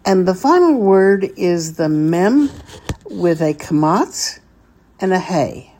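A woman teaching a vocabulary lesson, deliberately spelling out each word and repeating it for practice. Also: fairly low pitch, big pitch swings, mellow. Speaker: Hebrew teacher.

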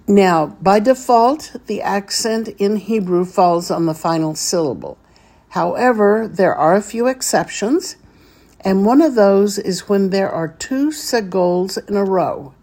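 A woman's voice: medium pitch, lively intonation, measured pace, warm tone. A woman teaching a beginners' Hebrew reading lesson, patiently sounding out each syllable step by step.

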